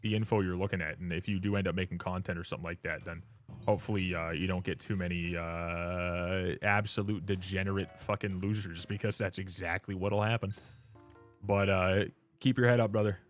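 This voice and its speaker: A man's voice: low-pitched, little pitch movement, brisk, soft background music. A man chatting loosely on a live stream. He swears freely, laughs often and keeps calling people dude and brother. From Canada. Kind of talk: casual live-stream chat.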